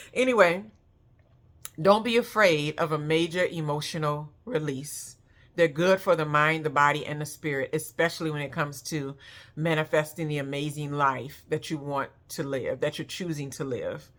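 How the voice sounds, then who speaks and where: This woman, a spiritual vlogger and a mother, talks at a moderate pace in a low, slightly bright voice. Her casual, heartfelt monologue about emotional release is earnest, reflective and encouraging.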